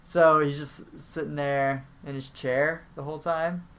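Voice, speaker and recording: A man's voice: on the high side, little pitch movement, a little slow, a bit bright, smooth. A man co-hosting a podcast, chatting casually and asking playful, speculative questions. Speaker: podcast co-host. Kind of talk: casual chat.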